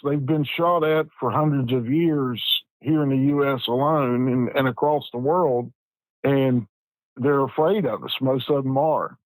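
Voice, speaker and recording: A man, telling a personal story as a podcast guest in an unhurried, plain-spoken way with frequent restarts. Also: mid-range voice, darkish tone, no room sound, low-quality recording. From West Virginia. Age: 50s.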